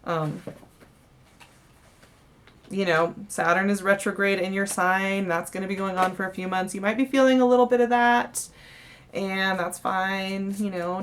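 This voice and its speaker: A young woman giving a casual monthly tarot reading, chatty, with frequent fillers and restarts. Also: medium pitch. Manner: chatty, warm-hearted, many fillers and restarts. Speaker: tarot reader.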